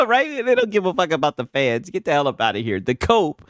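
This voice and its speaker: A man hosting a stream, reacting to clips with loud, laughing, profane mockery. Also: fairly high pitch, very animated, quick pace, hardly any pauses, dry recording, clean studio sound. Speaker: livestream host reacting to clips. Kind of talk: casual reaction commentary.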